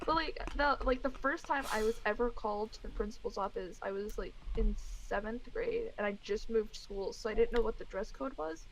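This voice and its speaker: A young woman co-hosting a podcast, telling animated stories and laughing often. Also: fairly high pitch, moderate pace, hardly any pauses, a little hiss or hum, poor audio. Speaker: podcast co-host. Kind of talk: casual storytelling chat.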